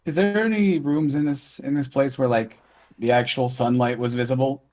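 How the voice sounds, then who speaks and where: A man's voice: mid-range voice, steady tone, normal speed, a little mellow. A man playing in a tabletop game, talking casually and asking questions. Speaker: player.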